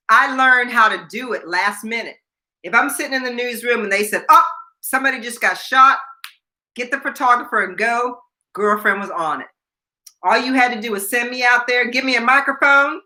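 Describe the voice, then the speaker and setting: An older woman hosting a casual chat, telling a lively story and acting out the people in it, laughing often. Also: mid-range voice. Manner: animated, acts out quoted voices, laughs often. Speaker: host.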